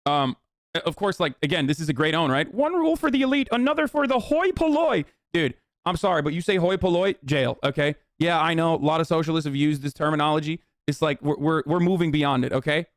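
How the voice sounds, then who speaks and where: A man's voice: on the high side, steady tone, a little fast, no room sound, studio quality. A man casually riffing as a streamer, reacting to posts with mocking, profane commentary.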